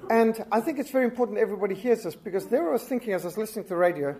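A preacher giving a lesson on public speaking, his voice soft and mellow rather than bright. He talks with animated emphasis, swinging his pitch and volume high when he presses a point. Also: rapid-fire. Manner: animated, emphatic, with sharp jumps in pitch and loudness. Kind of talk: instructional talk.

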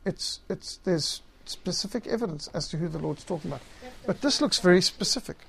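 A man's voice: high voice, lively intonation, a little fast, gravelly, a bit bright, a little hiss or hum. A man teaching systematic theology, reading scripture passages aloud and stressing key words. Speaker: Bible teacher.

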